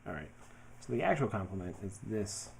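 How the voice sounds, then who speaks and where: A man talking casually through his design work as he goes, thinking aloud in a relaxed way with many fillers. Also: lowish voice, brisk, creaky, slight background noise. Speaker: web developer building his portfolio. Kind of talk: casual screen-share commentary.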